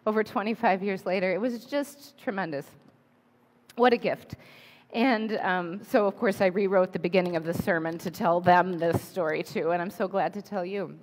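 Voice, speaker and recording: A woman pastor in her forties giving a conversational sermon, telling a personal story with lively asides. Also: lowish voice, normal speed. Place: church sanctuary. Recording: long reverb of a church hall.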